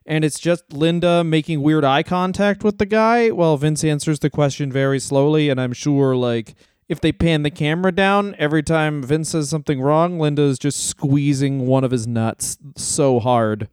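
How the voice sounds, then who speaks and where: A man co-hosts a comedy podcast in a smooth, clear voice, pitched a little high, building stories toward the punchline. The recording is dry and close. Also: moderate pace, a little mellow, dry recording. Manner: storytelling, laughs easily. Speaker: podcast co-host. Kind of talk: casual comedic chat.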